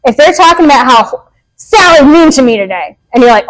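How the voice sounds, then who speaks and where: A woman in her thirties, a behavior analyst, giving a casual, animated workshop talk to parents in a meeting room and acting out quoted lines. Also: high-pitched, a little fast, low-quality recording. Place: meeting room with a live audience.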